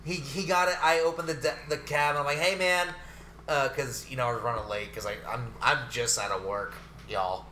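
A man co-hosting a podcast, telling stories in a loose, profane, animated way. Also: mid-range voice, fairly quick, slight background noise. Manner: profane, animated ranting storyteller. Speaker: podcast co-host. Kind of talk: casual chat. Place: New York.

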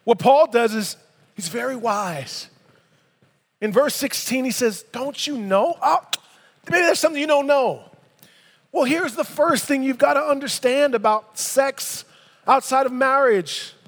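Man, high voice, pastor, conversational sermon, long hall reverb. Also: a little slow, a bit bright. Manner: conversational, emphatic, mixes Bible reading with casual asides. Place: church sanctuary.

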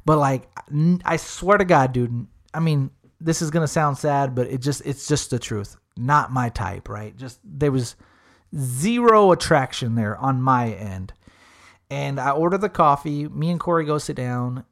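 A man's voice: medium pitch, measured pace. A young man telling a funny story in casual chat, swearing freely and acting out the voices of the people he quotes.

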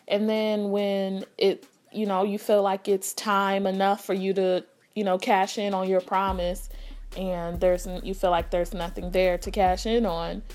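A young adult woman hosting a casual faith talk, earnest and acting out her pleading prayers. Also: mid-range voice. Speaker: faith podcast host.

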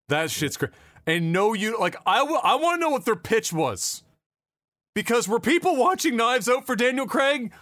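A man's voice: high voice, a bit bright, dry recording, clean studio sound. A man co-hosting a casual podcast chat, talking animatedly, swearing often and restarting his sentences. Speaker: podcast co-host.

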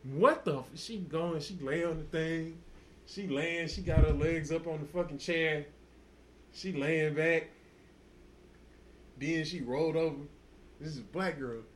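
A man's voice: fairly high pitch, steady tone, measured pace, pauses often, a little hiss or hum. A man on a podcast telling a crude, profane story in casual talk, laughing often. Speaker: podcast host.

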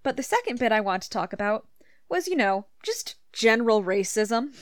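A fairly high-voiced woman from Canada co-hosts a casual podcast and lays out her points at length, pressing back when she is interrupted. The sound is dry and close to the mic, with no room around it. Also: sing-song, no room sound. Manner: explanatory, insistent, quick asides. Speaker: podcast co-host. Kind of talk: casual educational podcast chat.

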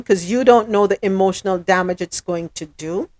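A woman's voice: medium pitch, normal speed, darkish tone. A woman hosting a casual talk show, venting her frustration, apologizing to her listeners and speaking emphatically. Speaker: podcast host.

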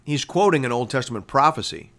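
A man's voice: medium pitch, lively intonation, brisk, fairly bright tone. A man preaching a sermon, reading scripture aloud and explaining it in a conversational, emphatic way with rhetorical questions.

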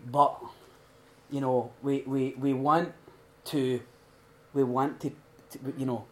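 A middle-aged man giving an earnest, heartfelt talk at a recovery retreat. He swings between loud emphasis and hushed, prayerful quiet. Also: mid-range voice, little pitch movement, takes it slowly. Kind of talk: informal sermon talk.

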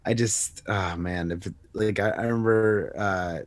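A man co-hosting a casual podcast, talking in halting stammering restarts. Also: lowish voice, fairly even intonation. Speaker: podcast co-host. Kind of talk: casual chat.

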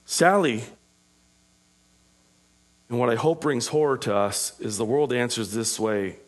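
A male pastor delivering a sermon in a middle-pitched voice. He swings between raised, emphatic proclamation and quiet, conversational asides. His delivery stays informal and loose, with frequent fillers and restarts. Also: lively intonation, measured pace.

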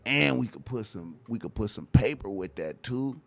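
A man's voice: medium pitch, animated, normal speed, vocal fry, soft background music. A young man, ranting casually and profanely, repeating himself and tacking "man" onto his lines. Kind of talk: casual rant to camera.

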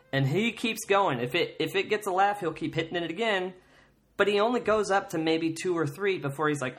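A man's voice: high voice, a little fast, soft background music. A man hosting a comedy podcast, talking casually in a rambling way and often checking in with "right?". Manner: rambling, self-correcting, keeps asking "right?". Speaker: podcast host.

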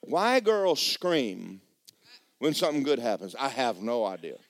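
Animated, folksy male preacher. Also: mid-range voice, unhurried, no echo. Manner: animated storytelling, folksy and joking. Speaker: pastor. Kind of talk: sermon.

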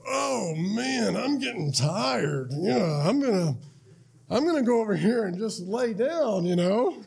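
A man puts on a grown man with a knowing smirk. His voice jumps up high in mock surprise, teasing and playful. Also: wildly swooping pitch, a little slow, a little mellow, exaggerated voice.

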